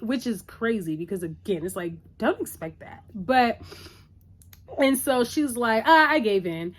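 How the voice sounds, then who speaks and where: Animated woman recapping a TV episode. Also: fairly high pitch, normal speed. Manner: chatty, animated retelling with acted-out quotes. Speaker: TV recap vlogger.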